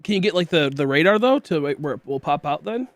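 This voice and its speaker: A man's voice: fairly high pitch, animated, fast, dry recording. Coughing young man chatting on stream. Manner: rambling, answers chat, many fillers. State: coughing often, throat tickle. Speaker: livestreamer. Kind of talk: casual stream chat.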